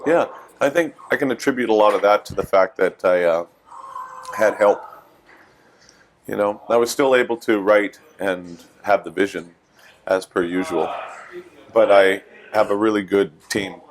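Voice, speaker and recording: A man's voice: on the low side, moderate pace, long pauses, a little hiss or hum, rough recording. A man in his forties with a Canadian accent, chatting casually in an interview, joking and self-deprecating. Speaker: interview guest, musician.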